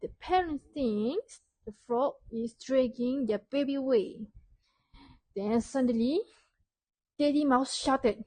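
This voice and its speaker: Slow, high-voiced woman teacher. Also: animated, darkish tone, dry recording. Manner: slow, clear, asks and praises children. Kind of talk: storytelling lesson for young children.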